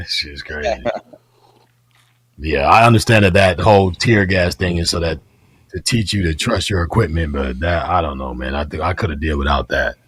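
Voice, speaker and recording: A man's voice: sits low, moderate pace, a little hiss or hum. A man co-hosting a veterans' podcast, telling a story in casual chat and acting out the voices in it. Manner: animated, acts out voices in his story.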